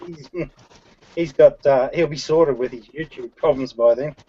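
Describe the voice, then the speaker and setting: A man's voice: medium pitch, moderate pace, dark tone, a little hiss or hum. Laughing man on a call. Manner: laughs often, teasing. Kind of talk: casual banter on a video call. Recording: dull lo-fi video call audio.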